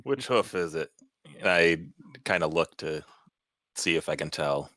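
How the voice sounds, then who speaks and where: A man's voice: rumbling low, expressive, measured pace, pushed and bright, no echo. A man acting as a player in a tabletop game, easygoing and joking. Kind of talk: tabletop role-play.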